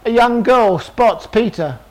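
A male preacher with a notably high voice retells a story dramatically. He keeps turning to the listeners with rhetorical questions. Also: animated, slow pace, low-quality recording. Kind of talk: sermon.

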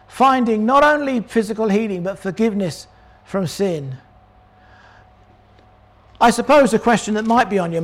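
An older man preaching a sermon, animated, acting out the voices of people in the story. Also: high voice. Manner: animated, acts out voices of crowd and characters.

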